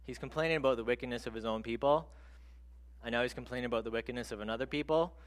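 A man preaching a sermon in a conversational, animated storytelling way. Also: mid-range voice, very fast.

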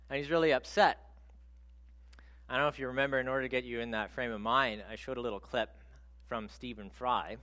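A man preaching a sermon in a conversational, animated storytelling way. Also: mid-range voice, a little fast.

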